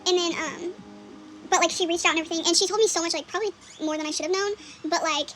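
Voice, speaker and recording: A young woman doing a get-ready-with-me storytime, animated and rambling, laughing and swearing freely. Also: extremely high pitch, fast talker. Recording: song playing in the room. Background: music.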